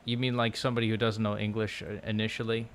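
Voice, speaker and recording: A man vlogging from a low couch at home into his laptop, musing aloud in a loose, rambling way full of "like" and restarts. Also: level tone, quick pace, slight background noise. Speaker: language-learning vlogger. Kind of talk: casual rambling chat. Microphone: laptop microphone.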